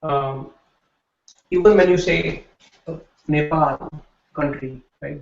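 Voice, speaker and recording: A man gives a classroom lecture, explaining step by step and checking in with his students as he goes. His pace is slow and deliberate, and his voice sits slightly high. The recording is dull and lo-fi, with a roomy echo from the classroom. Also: steady tone, creaky. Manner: explanatory, checks in with frequent "right?". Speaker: Hindi teacher. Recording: echoey room, dull lo-fi sound.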